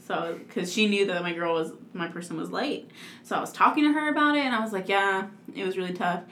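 A woman in her twenties telling a story in casual chat, animated and laughing, with lots of "like". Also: medium pitch, fast, slight background noise. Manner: animated, laughing, heavy use of "like". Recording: echoey room.

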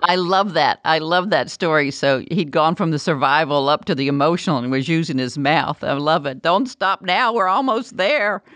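A woman's voice: low voice, normal speed, hardly any pauses, fairly bright tone, dry recording. Woman interviewer, enthusiastic, reflective, dry close sound.

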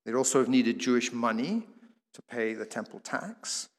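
A man's voice: mid-range voice, animated, moderate pace, big-room sound. A man preaching a sermon, explaining the passage and posing rhetorical questions with occasional restarts.

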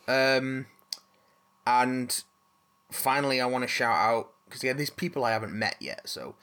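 A man's voice: mid-range voice, fairly bright tone, smooth. A man hosting a casual chat, rambling with restarts and casual swearing.

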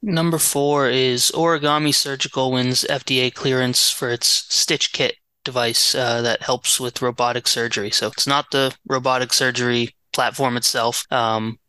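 A man running through the news items on a podcast, halting and casual, with many ums. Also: mid-range voice, flat delivery, bright, forceful tone, clean tone, no echo, low-quality recording.

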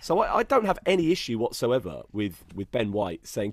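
A man's voice: medium pitch, huge pitch swings, normal speed, no room sound. A man making an earnest point in casual podcast talk. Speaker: podcast panelist. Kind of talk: casual chat.

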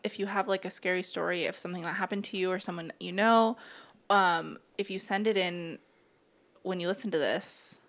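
A woman co-hosting a podcast in casual chat, easygoing and halting with fillers. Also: fairly low pitch, fairly even intonation, a bit bright. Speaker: podcast co-host.

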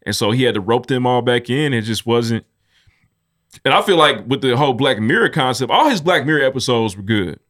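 A man's voice: mid-range voice, animated, brisk, fairly bright tone. A man co-hosting a podcast, sharing laid-back, opinionated views in casual chat. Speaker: podcast co-host.

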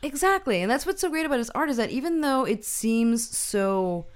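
A woman hosting a casual film review chat, eager and agreeable, with halting phrasing. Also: fairly high pitch, animated.

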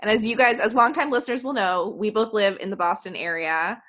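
A woman co-hosting a podcast, agreeable and animated as she tells stories. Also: medium pitch, brisk. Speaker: podcast co-host. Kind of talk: casual podcast chat.

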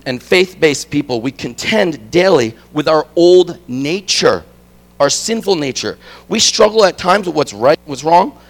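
A middle-aged male preacher telling personal stories from the pulpit. His pitch rises and falls a lot as he moves from hushed asides to emphatic, raised passages. The tone stays casual and chatty throughout. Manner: animated, storytelling, swings from quiet to emphatic. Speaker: guest preacher. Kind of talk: conversational sermon with personal stories.

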